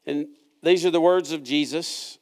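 A man's voice: fairly high pitch, fairly even intonation, unhurried. A man preaching a sermon in a church service, reading scripture and asking the congregation earnest, conversational questions. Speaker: pastor.

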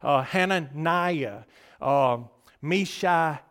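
Guy preaching to his church, high voice, slow and easygoing, laughs a lot, keeps saying okay. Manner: animated, checks in with "okay?", laughs often. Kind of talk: casual sermon to a congregation.

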